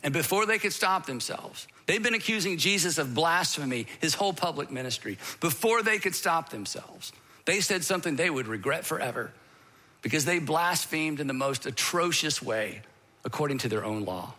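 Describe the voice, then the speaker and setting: A man preaching a sermon as a dramatic story, swinging from emphatic bursts to hushed whispers. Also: a little high, animated, normal speed.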